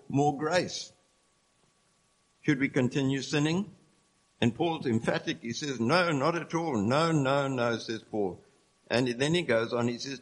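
A man's voice: mid-range voice, poor audio. Man preaching an earnest sermon. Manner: earnest, explanatory, reads scripture aloud.

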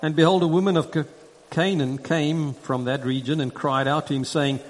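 A man preaching a sermon and reading scripture, earnest and measured, repeating phrases for emphasis. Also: on the high side, steady tone. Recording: long reverb in a large hall.

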